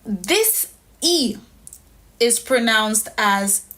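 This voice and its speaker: A woman's voice: a little high, animated, drawn-out words, bright, forceful tone. A woman teaching a pronunciation lesson step by step, patient and methodical, often checking in with "right?". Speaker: language teacher.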